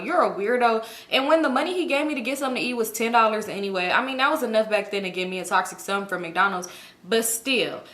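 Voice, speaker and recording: Woman in her thirties, storytime vlogger, casual profane chat, fairly high voice, echoey room. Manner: profane, animated retelling with quick jumps up in pitch.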